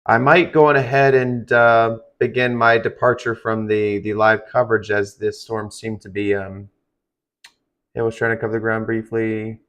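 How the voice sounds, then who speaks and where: A man's voice: on the low side, flat delivery, moderate pace, fairly bright tone. Tired man doing live weather coverage. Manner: rambling, filler-heavy, conversational. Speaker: livestream weather host.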